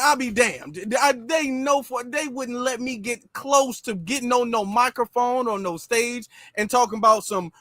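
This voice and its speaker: A man's voice: extremely high pitch, fairly bright tone, no echo, clean studio sound. An American man hosting a commentary channel, ranting in an emphatic, repetitive, indignant way. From United States.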